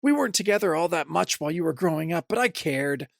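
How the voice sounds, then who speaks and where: A grief-stricken older father, as a man reads him aloud. He pleads earnestly with a lively, expressive pitch. The sound is close and dry. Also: fast, vocal fry, no echo. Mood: pleading.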